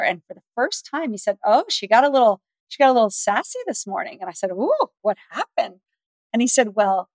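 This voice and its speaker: A middle-aged woman speaking as the expert guest on a parenting podcast, telling stories lively and acting out the dialogue. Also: mid-range voice, dry recording. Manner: animated storyteller, acts out dialogue. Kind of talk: podcast interview.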